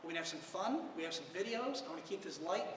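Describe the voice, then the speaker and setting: Middle-aged male keynote speaker, a joking storyteller with a bright voice, miked from far off. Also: high voice, animated, quick pace, slight background noise. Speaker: financial services conference speaker. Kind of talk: conference talk. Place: large conference hall. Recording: echoey hall, from far off.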